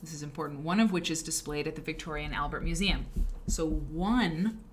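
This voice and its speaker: Her low-pitched voice moves a little fast against slight background noise. The woman runs a live stream, talking casually about quilt history and wandering off into asides and self-corrections.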